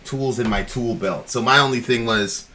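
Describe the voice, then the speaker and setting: A man's voice: mid-range voice, moderate pace, sharp tone, a little hiss or hum. A man co-hosting a podcast, telling a personal story in a rambling, casual way, swearing freely and often asking "you know what I'm saying". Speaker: podcast co-host.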